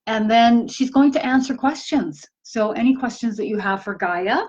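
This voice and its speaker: A woman medium talking casually on a live stream, chatty, laughing often and filling pauses with ums. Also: on the high side, a little mellow, highs cut off. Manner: slow, chatty, laughs often, many fillers. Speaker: spiritual medium.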